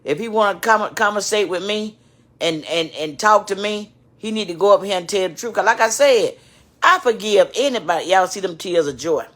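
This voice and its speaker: A woman's voice: medium pitch, moderate pace, fairly bright tone. A woman, tearful, talking straight to her viewers in an emotional, repetitive, preachy rant. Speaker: vlogger addressing her channel. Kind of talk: emotional live-stream rant.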